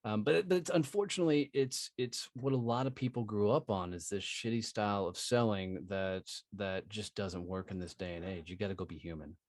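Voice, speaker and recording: A man's voice: fairly low pitch, fairly quick, few pauses, no room sound, studio quality. A man guest telling sales stories in a blunt, profane, emphatic way, often tagging lines with "right?". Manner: profane, emphatic, tag questions. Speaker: podcast guest, sales trainer. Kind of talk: casual storytelling.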